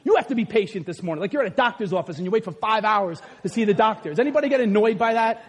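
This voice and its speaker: In a church sanctuary, a man with a very high, husky voice delivers a rapid-fire sermon as pastor. He jokes, stays animated, and frequently shouts, with his voice echoing in a long hall reverb.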